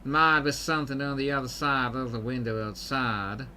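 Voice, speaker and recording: A man's voice: medium pitch, flat delivery, moderate pace, bright, forceful tone, a little hiss or hum. Miss Fortune, a man voicing her in a Southern drawl. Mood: determined. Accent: put-on Southern belle. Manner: determined, reading game dialogue aloud. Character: confident woman pirate captain hunting kidnappers.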